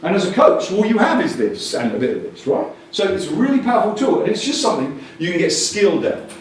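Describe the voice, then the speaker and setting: A man giving a lively, jokey presentation at a coaching conference, often acting out voices. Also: high-pitched, fast, slight background noise. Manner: animated, jokey, acts out voices. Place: large hall. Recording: echoey hall, mic far off.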